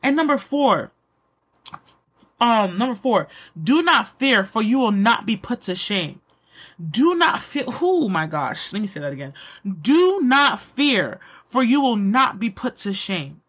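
A woman delivers a fired-up devotional pep talk, hammering the same lines again and again. Her voice is on the higher side and a little breathy. She reads scripture aloud and then prays, and her excitement keeps spilling over. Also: a little slow. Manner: emphatic, excitable and repetitive. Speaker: Christian motivational speaker.

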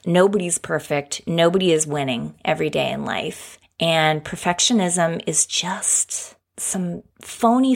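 A woman hosting her own podcast, talking frankly and candidly in a conversational solo monologue. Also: sits low. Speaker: podcast host.

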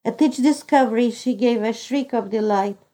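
A woman narrating a classic children's novel as an audiobook reader, calm and even. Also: a little high, moderate pace. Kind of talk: scripted storybook narration.

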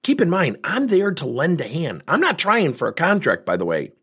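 A man with a husky voice on the high side speaks at normal speed. He's coaching on sales with lively stories, taking on both roles in the conversations he narrates.

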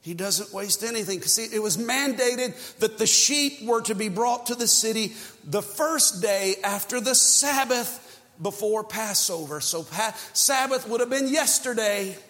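A male pastor preaching a sermon with passion, swinging from shouted peaks to hushed, quiet passages. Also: high voice, unhurried, in a large hall.

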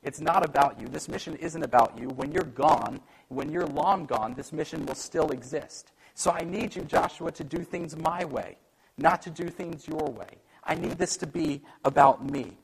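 A man preaching a sermon in an animated way, acting out the voices he quotes and joking about himself. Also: on the high side, moderate pace, gravelly, breathy edge, low-quality recording. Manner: animated, acts out quoted voices, self-deprecating humor. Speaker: pastor.

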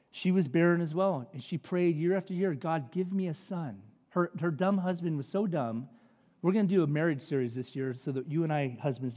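A man preaching a sermon as pastor, animated and conversational, acting out voices in his stories. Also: on the high side. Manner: animated, acts out quotes, conversational asides. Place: church sanctuary. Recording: long reverb of a large hall.

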